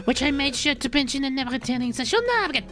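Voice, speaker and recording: A man putting on a high, sweet French-accented young woman. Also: steady tone, very fast. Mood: fretful. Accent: put-on French. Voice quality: high soft voice, rambling with "uh, because". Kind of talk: reading a game's dialogue aloud on stream.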